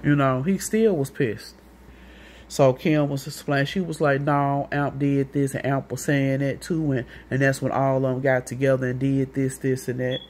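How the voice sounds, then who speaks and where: A woman's voice: extremely low pitch, fairly even intonation, moderate pace, darkish tone, slight background noise. A woman with a St. telling a long, rambling, profane story in a casual monologue, acting out what other people said. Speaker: vlogger.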